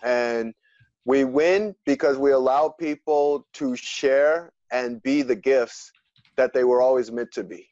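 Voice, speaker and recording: A man answering as an interview guest, speaking earnestly and in a measured way. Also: mid-range voice, a little mellow, dry recording. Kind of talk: reflective interview talk. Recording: dry, dull lo-fi sound.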